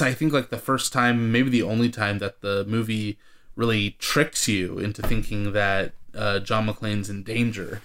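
A man with a fairly low voice chats about a movie with his co-host. He explains things patiently but hesitantly, with plenty of uhs along the way. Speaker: podcast co-host. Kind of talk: casual film discussion.

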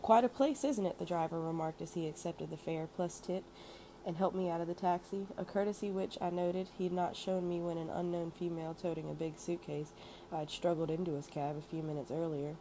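A woman reading a first-person memoir aloud in a steady, measured storytelling manner. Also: fairly low pitch, slight background noise, low-quality recording. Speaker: narrator. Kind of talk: audiobook memoir narration.

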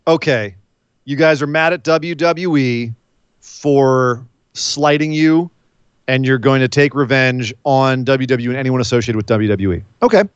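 A man co-hosting a casual wrestling chat podcast, animated and joking. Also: mid-range voice, unhurried, clean tone, no echo, muffled recording. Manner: animated, mocks wrestlers in silly voices.

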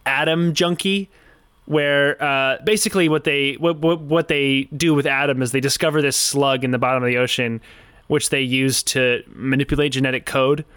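A man with a bright, crisp voice talks through a game in relaxed podcast banter. His delivery is animated and jokey. The sound is close and dry, with no room around it. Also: a little high, no room sound. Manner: joking, animated storytelling. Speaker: podcast co-host. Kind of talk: casual gaming podcast chat.

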